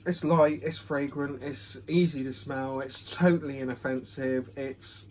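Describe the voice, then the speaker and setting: A man's voice: mid-range voice, steady tone, unhurried, a little mellow, a little hiss or hum. A man giving a casual, rambling whisky review at home. He is self-deprecating and fills his talk with ums, recorded on a phone. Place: home room. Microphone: phone camera.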